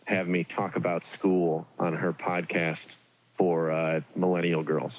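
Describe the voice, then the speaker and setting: A young man called on the phone as a guest, answering in a dry, wry, measured way. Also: deep voice, flat delivery, lo-fi sound, a little hiss or hum. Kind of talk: casual phone chat.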